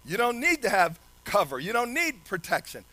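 A man preaching a lively sermon, laughing often and shouting some phrases. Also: high-pitched, normal speed.

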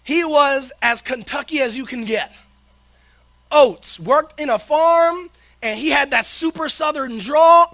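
A young man preaches in a loose, conversational way, spinning a personal story and checking in with "right?" again and again. His voice sits very high for a man, with a bright, forceful edge. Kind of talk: sermon with personal stories.

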